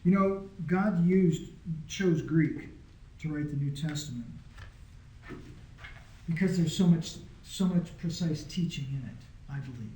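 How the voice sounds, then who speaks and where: Relaxed man teaching in an echoey room. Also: on the high side, measured pace. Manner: patient, conversational, often checking understanding. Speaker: Greek teacher. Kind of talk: informal classroom lesson. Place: small classroom.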